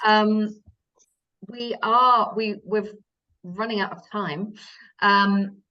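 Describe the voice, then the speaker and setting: A woman's voice: mid-range voice, fairly even intonation, extremely slow, dull audio. A woman language teacher giving a live taster class, explaining patiently step by step with fillers.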